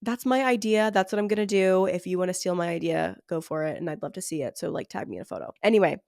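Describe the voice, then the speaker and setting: A woman's voice: lowish voice, fast talker, creaky, a little mellow, dry recording, studio quality. A young woman hosting her own podcast, chatting casually and often saying "like", her voice nasal and congested from a sinus infection. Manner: chatty, with frequent "like" fillers. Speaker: podcast host. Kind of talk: casual solo podcast chat.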